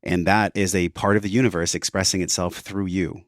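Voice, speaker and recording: A man hosts a podcast, asking earnest, reflective questions and rewording them as he thinks. His voice sits low, with dry, close sound and no room echo. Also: flat delivery, fairly quick. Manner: earnest, searching, rephrases questions. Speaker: podcast host.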